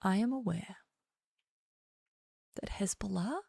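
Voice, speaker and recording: A woman's voice: mid-range voice, takes it slowly, gravelly, warm tone, slightly rough, dry recording. Blunt Australian woman with a dry sound. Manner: blunt, sarcastic, laughs often. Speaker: political commentator. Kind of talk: casual livestream commentary.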